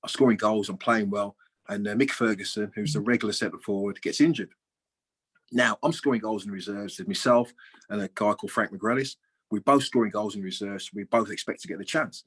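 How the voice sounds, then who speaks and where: A man in his sixties, a former footballer, chatting as an interview guest and telling lively anecdotes, acting out the dialogue and swearing freely over a video call. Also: fairly low pitch, a little fast, breathy edge, poor audio. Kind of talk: casual storytelling interview.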